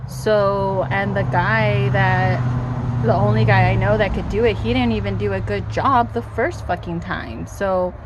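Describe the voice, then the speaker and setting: Slow-talking exasperated woman outdoors. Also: medium pitch, steady tone, dull audio. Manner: frank and exasperated, swears freely. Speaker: vlogger. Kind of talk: casual vlog monologue. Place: outdoors at a rural home, in the yard. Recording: faint wind and outdoor noise.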